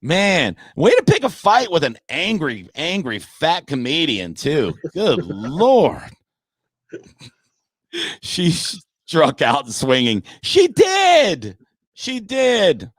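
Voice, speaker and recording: A man's voice: on the high side, huge pitch swings, slow pace, few pauses, a bit bright, breathy edge, no room sound. A man who works as a comedian, talking sports casually in a brash, profane way and mocking his critics. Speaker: comedian and podcast guest.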